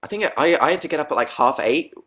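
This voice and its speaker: A man's voice: a little high, expressive, quick pace, fairly bright tone. A young Englishman with an English accent, chatting casually to viewers on a webcam livestream, self-mocking and rambling. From England. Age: young adult. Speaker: host.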